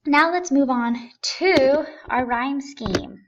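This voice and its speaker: A woman's voice: high-pitched, slow, lo-fi sound, a little hiss or hum. A woman teaching a recorded lesson, explaining things step by step in a patient way.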